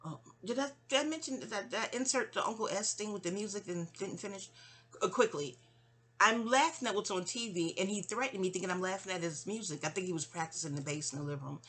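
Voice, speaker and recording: Rambling bright-voiced New woman. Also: mid-range voice, quick pace, breathy edge. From New York City. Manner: digressive, self-interrupting, sighing asides. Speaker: memoir narrator. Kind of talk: rambling personal storytelling.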